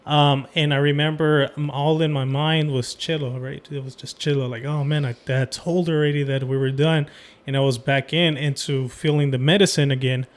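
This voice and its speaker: A man's voice: fairly high pitch, flat delivery, moderate pace. Guy hosting a podcast, talks loose and rambly with lots of "um" and "like". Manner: rambling, full of "um" and "like". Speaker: podcast host. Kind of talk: casual storytelling chat.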